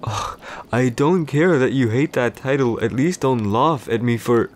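A man voicing a possessive, jealous warrior husband in a whispered role-play, curt and irritated, speaking low and close. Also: a little slow, soft background music, natural voice. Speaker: voice actor in a boyfriend roleplay.

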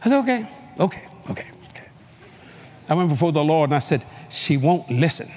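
A male preacher telling a story in a sermon at a convention, animated and playful, laughing often and bursting into shouts. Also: a little high, fast, a little hiss or hum. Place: convention hall before a live audience.

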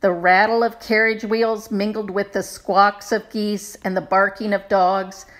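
A woman narrating a children's picture book with expressive storytelling. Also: medium pitch, a little slow. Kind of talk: storybook read-aloud.

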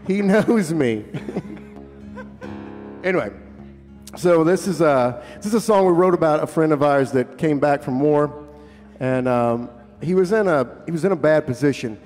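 A man's voice: on the high side, lively intonation, measured pace, long pauses, a little mellow. A man, a singer-songwriter, chatting casually and joking with a live audience between songs, swearing freely. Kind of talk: casual stage banter. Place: live concert venue. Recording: live hall reverb with faint guitar.

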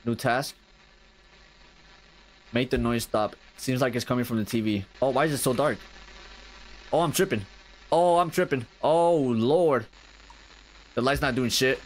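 A young man streaming a horror game, reacting with crude, excitable commentary and reading on-screen text aloud. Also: mid-range voice, measured pace, pauses often, slight background noise. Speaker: gaming streamer.

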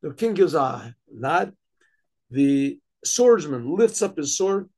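A rabbi narrates a tale with drama, a gravelly, husky man's voice. His pitch sits high for a man. He stumbles and restarts often. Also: takes it slowly. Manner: animated, with many restarts and throat-clearing. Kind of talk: dramatic storytelling.

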